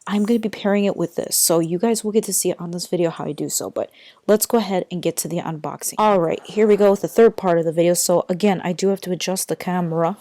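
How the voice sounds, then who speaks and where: Chatty young woman, low voice, dry. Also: quick pace, mellow, dry recording. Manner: chatty, rambling, many fillers and apologies. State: tired. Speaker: vlogger. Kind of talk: casual unboxing vlog. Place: bedroom. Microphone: built-in computer mic.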